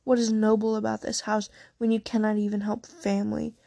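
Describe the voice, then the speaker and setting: A woman's voice: mid-range voice, level tone, a little fast, gravelly, mellow, dry recording. A woman doing a sobbing, pleading mother. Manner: pleading, tearful.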